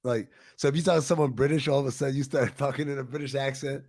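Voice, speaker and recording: A man's voice: medium pitch, steady tone, quick pace, vocal fry, darkish tone, no echo, studio quality. A man co-hosting a podcast, teasing his friends and laughing through casual stories. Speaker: podcast co-host.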